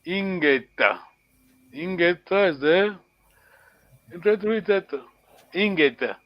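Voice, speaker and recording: A man leads a live language lesson, patiently repeating each word so students can copy it, with frequent chuckles. His voice sits fairly high, and he speaks slowly and deliberately. The call audio is dull and lo-fi, with a dry, close sound. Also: lively intonation, no room sound. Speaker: language teacher.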